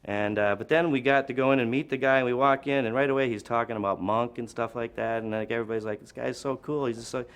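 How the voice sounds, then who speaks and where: A man's voice: medium pitch, fairly even intonation, quick pace, hardly any pauses, clear, resonant tone. A man telling rambling, laid-back anecdotes in an interview, with lots of "you know" and "like".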